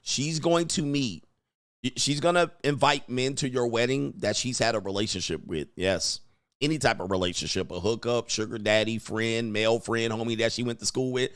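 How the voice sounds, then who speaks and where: A man casually commenting on video clips in a mocking, animated way. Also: normal speed, smooth, no room sound, clean studio sound. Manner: mocking, animated, puts on high voices for quotes.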